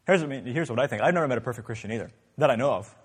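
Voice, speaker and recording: A man's voice: mid-range voice, expressive, racing, husky. Questioning male Bible teacher, echoey room. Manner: asks the group many questions, conversational. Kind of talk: interactive Bible class.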